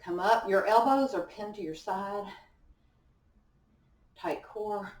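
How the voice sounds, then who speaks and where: A woman's voice: mid-range voice, slow. A woman leading a live workout class, giving encouraging cues with small laughs between moves. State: out of breath at times. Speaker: fitness instructor. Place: indoor workout room. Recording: echoey room, voice from far off.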